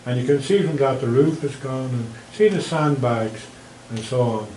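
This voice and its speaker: A man's voice: mid-range voice, expressive, normal speed, mellow, a little hiss or hum, poor audio. A man with an Irish accent giving a local history talk with slides, telling stories in a chatty, wry way. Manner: anecdotal, chatty, wry asides.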